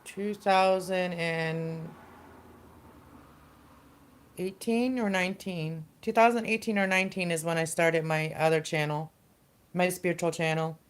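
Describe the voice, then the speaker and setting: A middle-aged woman hosting a casual livestream, talking in a rambling, halting way with lots of fillers and restarts. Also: lowish voice, fairly even intonation, smooth. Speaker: livestream host.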